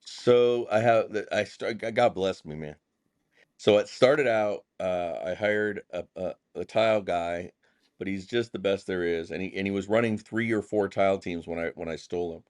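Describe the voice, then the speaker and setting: A man, a contractor and pastor, telling stories casually as a podcast guest, acting out the dialogue in animated bursts with folksy phrasing. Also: low voice, normal speed, dry recording, studio quality. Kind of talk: casual storytelling interview.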